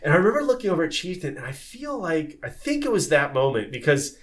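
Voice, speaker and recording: A man's voice: fairly high pitch, fast talker. Chatty man telling sailing stories. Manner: lively storytelling, many fillers and restarts. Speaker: former tall ship sailor. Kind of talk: casual podcast conversation.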